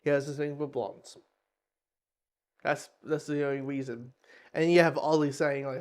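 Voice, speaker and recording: A man talks through a comic book review in a loose, unscripted way, circling back and restarting his sentences often. His voice sits a little higher than most men's, and he swears freely and chuckles at his own reactions. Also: little pitch movement, normal speed, smooth. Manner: rambling, many restarts, swears, laughs at himself. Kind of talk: casual spoken review.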